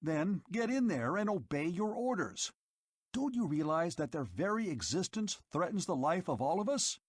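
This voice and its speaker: A man's voice: fairly high pitch, lively intonation, normal speed, no room sound, studio quality. A man voicing a stern, elderly keeper who snaps orders angrily in a storybook reading. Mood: exploding anger. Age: older. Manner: snapping, angry commands.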